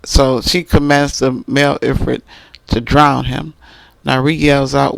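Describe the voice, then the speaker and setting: A man's voice: mid-range voice, flat delivery, a little slow, gravelly, dry recording, poor audio. A man reviewing a book, casually retelling its plot in detail and often restarting his phrases.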